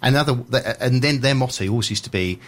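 A man's voice: mid-range voice, quick pace. A man, a media trainer and journalist, telling anecdotes in a casual podcast chat with emphatic energy.

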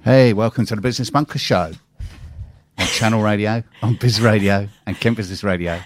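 A man's voice: lowish voice, a little fast, soft background music. A man hosting a business radio show, chatting and teasing his co-host. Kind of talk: casual radio chat.

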